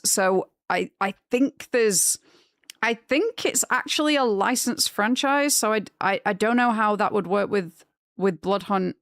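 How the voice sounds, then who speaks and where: A young woman chatting casually on a live stream, rambling and gushing when excited. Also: on the high side, no echo, clean studio sound.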